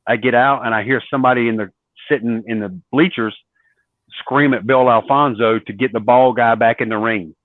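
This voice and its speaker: A man spins long stories in an interview and slips into the voices of the people he quotes. His voice sits at a middle pitch. The sound is tinny and dry, like a phone line. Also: normal speed, no room sound. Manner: animated storyteller acting out quoted dialogue. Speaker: guest, former wrestler. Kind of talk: storytelling interview.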